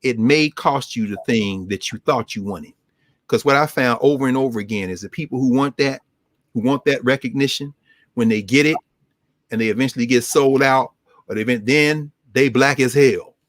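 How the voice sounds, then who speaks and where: A man giving an impassioned, preacherly talk as a regular guest scholar on a show, swinging his pitch widely. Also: normal speed, no echo. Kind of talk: animated lecture-style talk.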